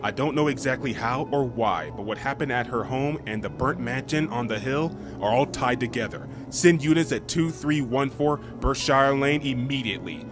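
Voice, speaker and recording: A man's voice: medium pitch, normal speed, few pauses, natural voice. An actor playing a determined male detective in a horror audio story, speaking in an urgent, clipped way. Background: music.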